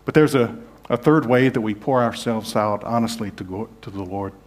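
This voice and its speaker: A man preaching a sermon as pastor, earnest, moving between hushed, slow passages and emphatic, raised ones. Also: lowish voice. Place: church sanctuary.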